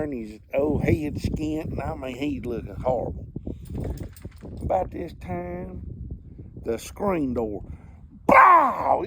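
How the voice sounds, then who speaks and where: A man's voice: fairly high pitch, background noise. A man telling a comic story in a folksy drawl, full of colorful rural sayings. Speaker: comedic storyteller.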